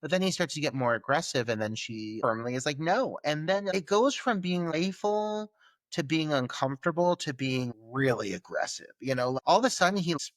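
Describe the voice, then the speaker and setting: A man's voice: on the high side, animated, brisk, dry recording. A man co-hosting a film podcast in casual chat, chatty and loose. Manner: chatty, many fillers and restarts. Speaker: podcast co-host.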